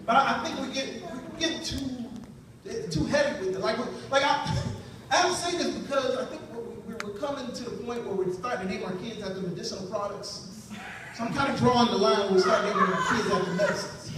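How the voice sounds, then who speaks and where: A man's voice: extremely high pitch, fairly quick. A man performing a stand-up set in a club, talking in a loose conversational way with rambling asides. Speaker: stand-up comedian. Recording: echoey club, distant mic, noisy.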